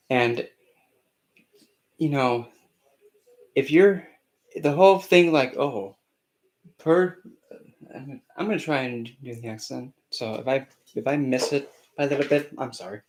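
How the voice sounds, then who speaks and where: A man's voice: mid-range voice, lively intonation, measured pace, long pauses, poor audio. A man channeling a spirit on a live stream, talking in a sassy, scolding way and calling listeners honey.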